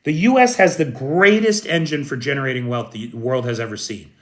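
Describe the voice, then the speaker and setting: A man's voice: medium pitch, fairly quick. An American man giving live news commentary, emphatic and opinionated, calling out viewers by name. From United States.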